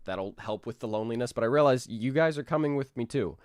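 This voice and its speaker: A man's voice: medium pitch, fast, a little mellow, clear, resonant tone, no room sound, studio quality. A man in his twenties chatting casually with viewers on a live stream, rambling and restarting his sentences. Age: 20s. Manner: rambling, restarts, laughs easily. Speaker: animator streamer.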